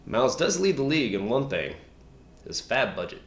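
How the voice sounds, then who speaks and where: Playful man with a lively, bouncing voice. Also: medium pitch, moderate pace, slight background noise. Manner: playful, teasing banter. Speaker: guest co-host. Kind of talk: mock news recap. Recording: roomy echo.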